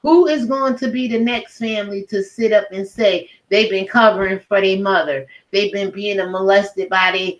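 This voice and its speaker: A woman's voice: mid-range voice, fairly even intonation, moderate pace, hardly any pauses, lo-fi sound. A woman giving a heated, profane rant as a YouTube commentator, speaking emphatically. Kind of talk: angry rant to camera.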